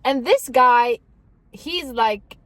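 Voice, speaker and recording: A young woman telling a story in a casual vlog, laughing often and slipping into the voices of the people she quotes. Her voice sits somewhat high and swings widely in pitch. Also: expressive, extremely slow, fairly bright tone, dry recording. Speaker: storytime vlogger.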